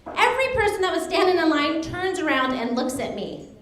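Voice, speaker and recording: A bubbly American woman in her thirties does stand-up at a comedy club, acting out voices and cracking herself up. She speaks fairly quickly in a very high, fairly bright voice with big pitch swings, and the club room is echoey.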